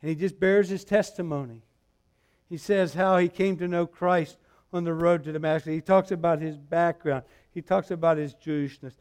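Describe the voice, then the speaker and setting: A man preaching a verse-by-verse sermon, swinging between loud, animated retelling and quiet, reflective reading, with restarts as he tells the story. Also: on the high side, moderate pace, smooth. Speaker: pastor. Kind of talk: expository sermon.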